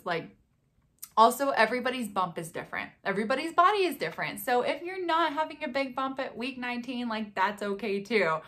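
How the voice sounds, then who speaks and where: A young woman vlogging in a casual, chatty way, animated and often laughing as she acts out quotes. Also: medium pitch. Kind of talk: casual chat to camera.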